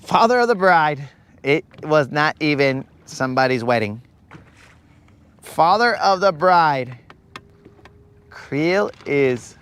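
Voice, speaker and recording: A man's voice: fairly high pitch, animated, a bit bright, smooth. A young man hosting a live fishing stream, chatting casually in a rambling, joking way from a boat on a lake. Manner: rambling, joking, slow-paced. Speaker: fishing livestream host.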